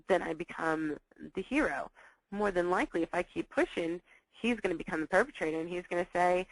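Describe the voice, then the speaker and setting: A woman educator giving a recorded teaching talk to parents, repeating key points and acting out dialogues in lively voices. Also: deep voice, fairly quick, no room sound, low-quality recording.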